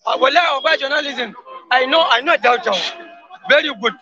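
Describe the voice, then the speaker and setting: A man's voice: extremely high pitch, moderate pace, pushed and bright, dull audio. A man with a Nigerian Pidgin English accent giving an emphatic street interview, sprinkling his talk with oaths. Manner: emphatic pidgin English, swears wallahi often.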